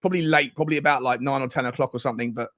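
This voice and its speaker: An excitable man hosting a football fan live stream. He laughs often, bursts into cheers and reads out viewers' comments in casual chat. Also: mid-range voice, very fast. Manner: excitable, laughs a lot, shouts out chat names.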